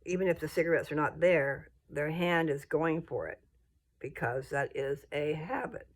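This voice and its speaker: An older woman ranting bluntly to her viewers, scolding and rambling, with her voice jumping up into high indignant peaks. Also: normal speed. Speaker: vlogger. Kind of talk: casual rant to camera.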